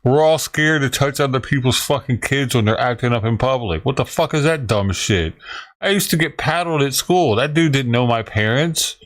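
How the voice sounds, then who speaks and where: A man's voice: medium pitch, animated, normal speed, a bit bright. A man reacting to a video in casual, crude and heavily profane commentary, sounding exasperated. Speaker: reaction streamer.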